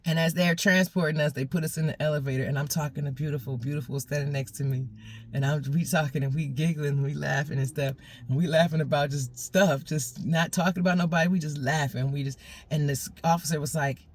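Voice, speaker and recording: Woman telling her own story, lively and chatty, laughs a lot, repeats herself. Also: low-pitched, fast talker. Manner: animated, laughs often, repeats phrases. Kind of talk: casual personal storytelling.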